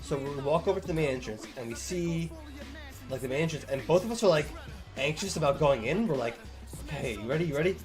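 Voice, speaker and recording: A man's voice: a little high, animated, fast, soft background music. A young man casually telling a long story on stream, rambling and swearing a lot, acting out the lines of the people in it.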